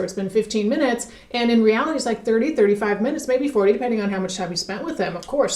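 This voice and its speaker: A woman's voice: on the high side, darkish tone. A woman co-hosting an instructional podcast chat as a hypnotist, upbeat and conversational, turning to her partner for input. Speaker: hypnotist co-host. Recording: echoey room.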